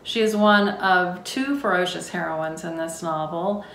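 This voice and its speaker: A woman's voice: fairly low pitch, a little slow, a bit bright. A woman author speaking earnestly and reflectively about her book before a reading, with frequent filler words. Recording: roomy room, faint noise.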